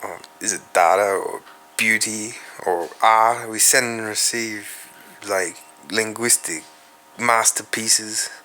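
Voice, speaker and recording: A man's voice: on the low side, fairly even intonation, slow, sharp tone, slight background noise. An Australian man hosting a solo podcast, rambling and musing aloud, swearing casually and speaking straight to his viewers. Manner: musing, profane, addresses viewers directly. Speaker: podcast host.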